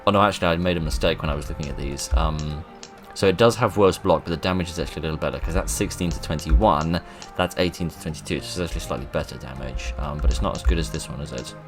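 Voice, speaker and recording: A man giving let's play commentary, excitable and self-mocking, reading game lines aloud in put-on voices. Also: rumbling low, fast talker, hardly any pauses, over music. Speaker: gaming video host.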